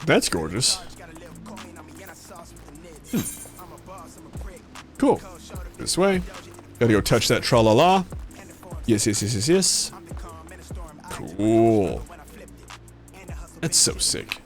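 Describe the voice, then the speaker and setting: Animated man chatting while gaming. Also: medium pitch, drawn-out words, pauses often, soft background music. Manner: chatty, animated, talks to viewers. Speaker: streamer. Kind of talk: casual game commentary.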